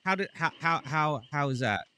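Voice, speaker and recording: A man's voice: on the high side, animated, moderate pace, pushed and bright, clear, resonant tone, no echo. A man streaming a game live, rambling and joking to his chat with frequent laughs. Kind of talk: live gameplay commentary.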